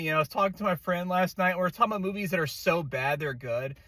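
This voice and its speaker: A man's voice: on the high side, fast, hardly any pauses, a bit bright, no echo. Angry, profane man ranting about a movie. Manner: profane, exasperated, heavy swearing; rambling with many fillers and restarts. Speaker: movie reviewer. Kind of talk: angry casual rant.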